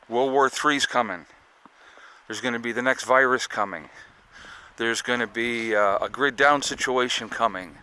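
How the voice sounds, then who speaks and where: Chatty man with a bright voice. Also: medium pitch, smooth. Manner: rambling, chatty, sarcastic asides. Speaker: prepping vlogger. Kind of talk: casual chat to camera.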